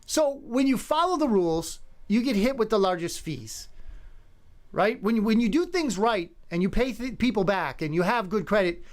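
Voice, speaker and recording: A man's voice: sits high, expressive, moderate pace. A man in his fifties hosting a talk radio show, talking in an emphatic, conversational way. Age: 50s. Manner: conversational, emphatic, greets callers by name. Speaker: radio host.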